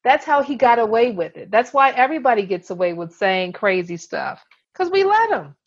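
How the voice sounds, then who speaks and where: A woman co-hosting a casual conversation, speaking in a lively, animated way. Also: medium pitch, muffled recording. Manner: lively, animated, quick to jump in.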